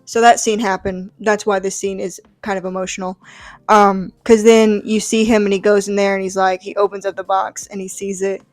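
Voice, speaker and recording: A young woman chats through a comic book recap in a relaxed, rambling way, peppered with fillers. Her voice sits at an ordinary middle pitch and sounds dry and close to the mic. Faint music plays under her talk. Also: fairly quick, no echo. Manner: enthusiastic and chatty. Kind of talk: casual comic book breakdown.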